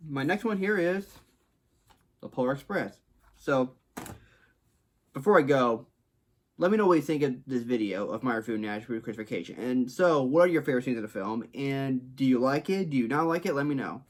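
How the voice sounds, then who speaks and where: A man from Texas giving a casual movie review to camera, rambling and repeating himself, with frequent restarts. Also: mid-range voice. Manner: rambling, repetitive, frequent restarts and stock phrases. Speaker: film reviewer. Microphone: talking to camera.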